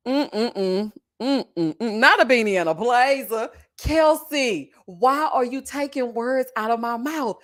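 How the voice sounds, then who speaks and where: A woman hosts a reality TV reaction show, chatting in a sassy way, laughing loudly, and calling her viewers honey and child. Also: on the high side, slow, few pauses. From Texas. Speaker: host of a reality TV reaction channel. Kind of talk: casual reaction commentary.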